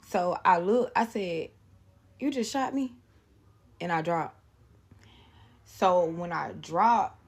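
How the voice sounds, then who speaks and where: A young woman casually telling a personal story, rambling and profane, acting out the quotes in raised voices. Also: on the low side.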